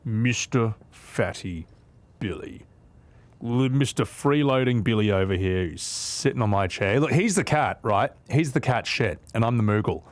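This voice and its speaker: A man streaming a video game, swearing and ranting at the controls, then mumbling softly to chat. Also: on the low side, expressive, unhurried. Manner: swears a lot, rants loudly at the game, then drops to soft mumbles. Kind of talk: live gameplay commentary.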